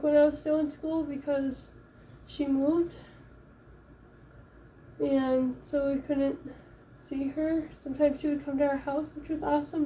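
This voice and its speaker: A young woman from Michigan, a first-time mom, casually telling a story in a chatty, animated way, acting out the voices of the people in it. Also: high voice, distant mic, a little hiss or hum. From Michigan, USA. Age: young adult. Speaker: vlogger. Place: home, late at night.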